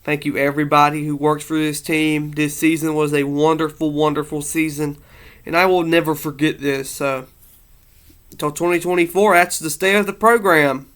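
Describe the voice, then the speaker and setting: A man speaks in a loose, heartfelt monologue, circling back and restarting his sentences. He sounds a little emotional. His voice sits a bit high and comes through smooth and clear. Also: steady tone, moderate pace, a bit bright. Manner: rambling, earnest, many fillers and restarts. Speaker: sports fan vlogger.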